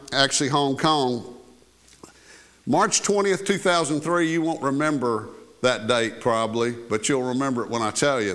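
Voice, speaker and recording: A man's voice: mid-range voice, a bit bright. An older man preaching a sermon as pastor in a church, talking in a folksy, conversational way with asides and filler words. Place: church sanctuary.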